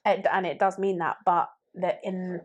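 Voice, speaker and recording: A woman's voice: lowish voice, level tone, moderate pace, dull audio. A woman in her thirties from Britain, co-hosting a podcast in casual chat and explaining slang with playful acted-out examples. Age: 30s. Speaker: podcast co-host.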